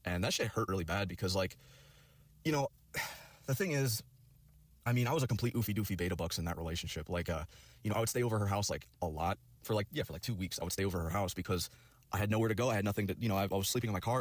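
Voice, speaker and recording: A man's voice: fairly low pitch, fast talker, no room sound. A young man telling a personal story in a casual, rambling way, heavy on fillers and profanity. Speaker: storyteller in a video clip.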